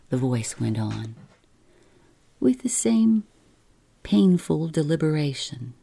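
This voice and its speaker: Slow, low-voiced woman reading a bedtime story. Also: vocal fry. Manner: soft, unhurried, soothing delivery.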